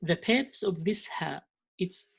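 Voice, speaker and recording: Woman, Tajweed teacher, slightly low voice, unhurried, hesitant explanations with careful sound demonstrations. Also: expressive, vocal fry, slightly rough. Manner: slow deliberate demonstrations, frequent hesitations and restarts. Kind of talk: recorded lesson explaining Quranic pronunciation.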